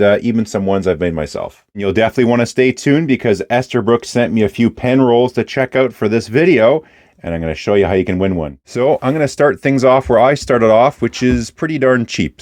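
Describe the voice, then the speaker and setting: A man hosting a pen review channel, talking through his cases in a relaxed, chatty way with lots of fillers. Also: fairly low pitch, no echo, clean studio sound. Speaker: host of a fountain pen channel. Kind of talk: casual product review talk.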